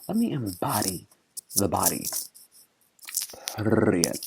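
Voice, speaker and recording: Sassy, very low gravelly woman. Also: very animated, moderate pace, pauses often, darkish tone, slight background noise, poor audio. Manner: sassy, profane, theatrical. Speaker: vlogger. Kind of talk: casual storytelling to camera.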